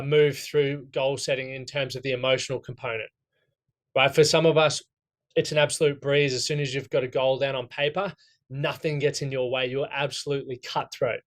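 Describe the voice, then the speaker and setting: A man's voice: mid-range voice, little pitch movement, normal speed. An Australian man coaching a room of men through goal setting. He talks plainly and bluntly and drops the odd swear word. He keeps asking "right?" to check the group is with him. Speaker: coach running a men's goal-setting workshop. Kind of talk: casual workshop talk.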